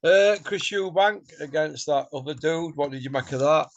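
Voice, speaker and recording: A man's voice: fairly high pitch, moderate pace, lo-fi sound. A man hosting a casual boxing podcast, easygoing, asking short questions and calling his guest mate. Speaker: podcast host.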